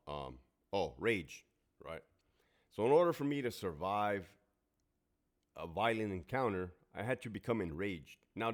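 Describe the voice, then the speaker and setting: A middle-aged man with a somewhat low voice talks in a casual, unscripted monologue. He is blunt and emphatic, with constant profanity, like a former guard telling it straight. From Southern California. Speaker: former prison guard and military veteran.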